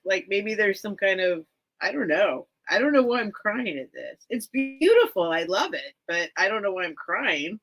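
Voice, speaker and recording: A woman's voice: mid-range voice, sing-song, moderate pace, fairly bright tone. A woman hosting a live online vintage sale from home, rambling and chatting straight to her viewers. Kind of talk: casual live-stream chat.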